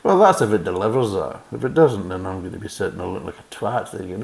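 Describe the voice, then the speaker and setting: Scottish man, sarcastic and blunt beer reviewer, mid pitch with lots of movement. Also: animated, fast, vocal fry, few pauses, darkish tone. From Scotland. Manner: sarcastic, blunt and swearing, reading the label aloud with mocking asides. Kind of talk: casual review chat.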